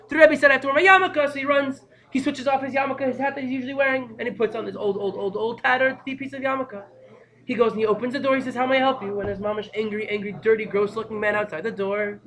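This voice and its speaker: An excitable man teaches a storytelling Torah class in a high, bright voice that keeps breaking into shouts. He talks fast and sprinkles in Hebrew and Yiddish terms.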